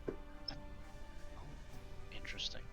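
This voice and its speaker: A man playing a tabletop game, chatting playfully at the table. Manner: playful, slow-talking. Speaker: player. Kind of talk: casual chat at a game table. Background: music in the background.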